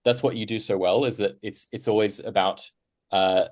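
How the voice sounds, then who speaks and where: A man's voice: fairly low pitch, normal speed. A man answering as a guest on a discussion panel, talking casually and rambling with lots of fillers, tag questions and small laughs. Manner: rambling, frequent "right?" tags and fillers; animated, laughs while talking.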